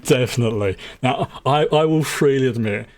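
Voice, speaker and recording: A man's voice: mid-range voice, moderate pace, a little mellow. A man with a London accent giving rambling, chatty commentary while streaming a game, often restarting his sentences. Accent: London English. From England. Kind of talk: casual gameplay commentary.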